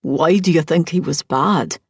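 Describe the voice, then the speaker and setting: A woman voicing a calm, practical man in an audiobook. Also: a little high, a little slow, husky, dry recording. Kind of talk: audiobook character voice.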